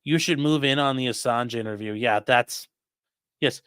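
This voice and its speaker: A man hosting a livestream, reading out viewer questions and answering them in a rambling, offhand way that often trails off quietly. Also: mid-range voice, normal speed, smooth, no echo, clean studio sound. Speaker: livestream host reading chat. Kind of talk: casual live chat.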